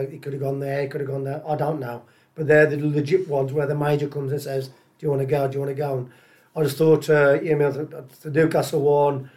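A man's voice: a little high, dark tone. A middle-aged man from the English Midlands, chatting loosely as an interview guest and often repeating himself. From Tipton, England. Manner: chatty, rambling, repeats phrases. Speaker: guest, former footballer. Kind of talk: casual interview chat.

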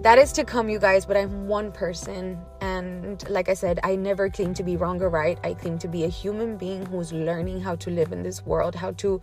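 A woman's voice: on the low side, fairly even intonation, normal speed, hardly any pauses, a little mellow, soft background music. A woman from Texas hosting her own podcast, talking candidly and a little shakily, loose with casual fillers. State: emotional, a little shaky. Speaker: podcast host. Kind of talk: casual solo podcast monologue.

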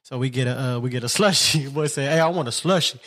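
A man's voice: mid-range voice, fast talker, a bit bright. A man co-hosting a podcast, telling a story in casual chat, swearing freely and laughing often. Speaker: podcast co-host.

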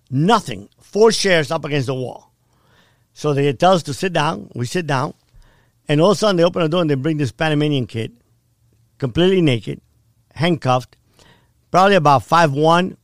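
A man's voice: fairly high pitch, no room sound, studio quality. A middle-aged man telling a harrowing personal story in blunt, vivid casual talk, often checking in with "right?". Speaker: podcast guest.

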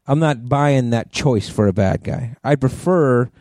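A man's voice: mid-range voice, lively intonation, measured pace, a little mellow, dry recording. A man co-hosting a podcast, giving blunt, profane opinions and laughing often. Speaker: podcast co-host. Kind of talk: casual chat.

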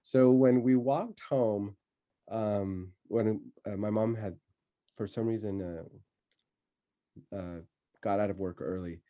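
A man telling a childhood story in casual conversation, laughing often and pausing with many fillers. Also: on the low side, mellow, muffled recording.

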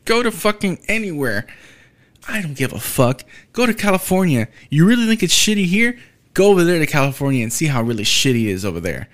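A man's voice: a little high, sing-song, brisk, fairly bright tone. Blunt, profane man ranting on a podcast. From Texas. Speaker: podcast host. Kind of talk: opinionated solo rant.

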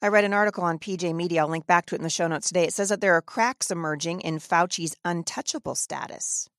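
A woman's voice: on the low side, fast, fairly bright tone, no room sound, studio quality. A woman hosting a podcast, giving emphatic, indignant opinion commentary and often restarting her sentences. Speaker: podcast host.

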